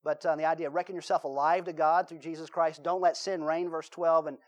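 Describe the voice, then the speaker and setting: A man's voice: on the high side, little pitch movement, a little fast. Folksy Southern preacher man. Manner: folksy storytelling, acts out voices in his stories. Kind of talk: sermon with anecdotes.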